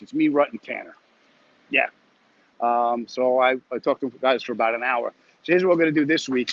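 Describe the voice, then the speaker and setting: Rambling, joking man on a lo-fi phone stream. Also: mid-range voice. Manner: walking while talking, a bit winded. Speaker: comedian hosting a weekly live chat. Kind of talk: casual chat reading viewer comments. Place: outdoors, walking home.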